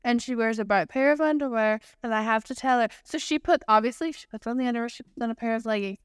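A woman's voice: fairly high pitch, fast, clean tone, no echo, studio quality. A young woman co-hosting a podcast, chatting casually and teasingly, with lots of "like" fillers. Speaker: podcast co-host. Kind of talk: casual chat.

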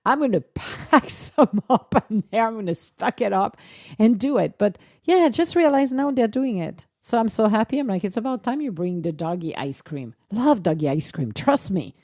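A woman's voice: a little high, lively intonation, normal speed, a little mellow, no room sound, clean studio sound. A woman chatting casually in a vlog, telling stories animatedly, with laughter and acted-out quotes. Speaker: vlogger, dog owner. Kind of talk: casual chat.

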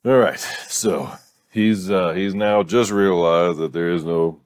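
A man's voice: sits low, slow pace, no echo. A man reading a romance novel aloud and often breaking off to laugh, swear and joke about the story. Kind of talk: casual read-aloud with commentary.

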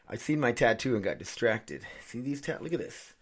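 A man's voice: mid-range voice, sing-song, brisk, few pauses. Rambling profane podcast host guy. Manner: rambling, profane, self-mocking. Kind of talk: casual podcast chat. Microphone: condenser studio mic.

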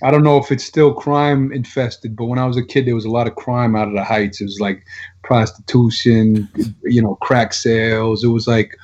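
A man's voice: medium pitch, fairly even intonation, normal speed, a little mellow. A man, telling crude, rambling stories in casual chat. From Long Island, New York. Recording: dull lo-fi sound.

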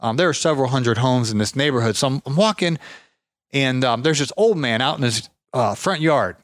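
A man's voice: mid-range voice, animated, brisk, no room sound, clean studio sound. Rambling man telling a story. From Ohio. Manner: rambling, many restarts and fillers. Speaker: podcast host, lawn care business owner. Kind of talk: casual storytelling.

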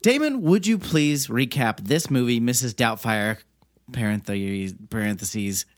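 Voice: medium pitch, lively intonation, unhurried, no echo, clean studio sound. A podcast co-host in casual chat, playful and goofy.

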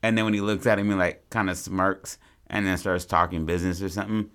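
A man's voice: deep voice, little pitch movement, quick pace, a bit bright. A man co-hosting a podcast, brainstorming a story in casual, rambling, profane chat. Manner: rambling, profane, acts out characters. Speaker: podcast co-host.

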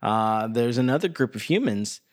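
A man co-hosting a podcast, recapping a TV episode in relaxed storytelling with many fillers. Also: medium pitch, moderate pace. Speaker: podcast co-host.

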